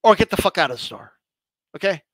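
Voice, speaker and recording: High-voiced man on a profane rant. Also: very animated, quick pace, a bit bright, no room sound. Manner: heated, profane, stammering restarts. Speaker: boxing channel host.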